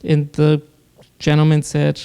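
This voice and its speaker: A man, a podcast guest, earnestly telling a personal story in casual talk, with halting restarts. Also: a little high, completely flat delivery, creaky, mellow, clear, resonant tone. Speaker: guest, producer.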